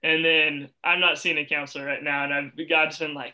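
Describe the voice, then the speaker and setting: Rambling man with a very bright, sharp voice. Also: on the high side, level tone, normal speed, few pauses, rough recording. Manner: rambling, self-deprecating, full of fillers. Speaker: youth ministry podcast co-host. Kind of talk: casual chat.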